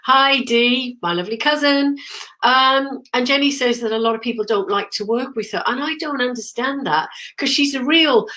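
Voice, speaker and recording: A middle-aged woman with a cold, clearing her throat often as she hosts a rambling, chatty live stream about her work as a medium. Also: a little high, normal speed, sharp tone. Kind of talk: casual live-stream chat.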